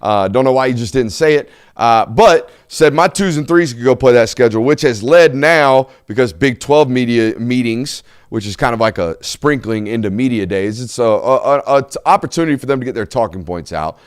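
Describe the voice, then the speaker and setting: A man's voice: medium pitch, expressive, normal speed, few pauses, smooth, dry recording, clean studio sound. A man hosting a casual sports talk show, loose and joking, rambling with fillers. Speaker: host.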